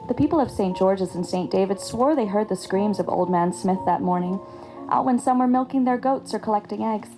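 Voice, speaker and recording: A woman reading a spooky family story aloud in an expressive, dramatic way. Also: mid-range voice, fairly quick, over music, low-quality recording.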